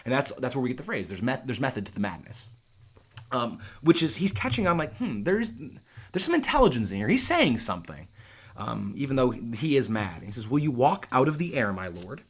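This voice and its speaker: A man teaching a Shakespeare play, reading lines aloud and paraphrasing them in casual, lively asides. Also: mid-range voice, a little fast, slightly rough. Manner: lively, casual asides, often restarts and says um.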